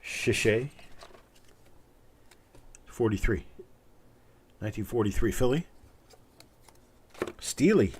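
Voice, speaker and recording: A man's voice: on the low side, animated, slow, long pauses, a little mellow, a little hiss or hum. A man hosting a live coin giveaway stream, chatting casually in an upbeat, joking way as he calls out viewers' names. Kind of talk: casual livestream chat.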